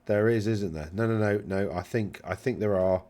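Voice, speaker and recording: Wry, rambling man, low voice. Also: normal speed, mellow. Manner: rambling, self-correcting, wry and dismissive. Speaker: channel host reviewing game rules. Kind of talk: casual rambling commentary.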